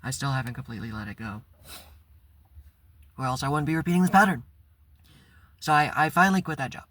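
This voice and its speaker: A man's voice: medium pitch, brisk, fairly bright tone. A man hosting his own channel, telling a personal story in a candid, blunt way and swearing freely. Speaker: channel host. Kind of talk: casual vlog storytelling.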